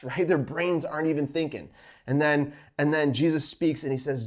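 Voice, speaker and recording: A man hosting a fishing vlog, giving an informal Bible study with animated storytelling full of "like"s. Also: fairly high pitch, normal speed. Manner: animated storytelling, acts out scenes, many "like"s.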